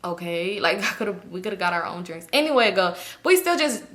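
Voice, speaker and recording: A young woman casually telling a storytime in slangy, animated talk, acting out what people said. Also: medium pitch, fairly quick. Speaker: storytime vlogger.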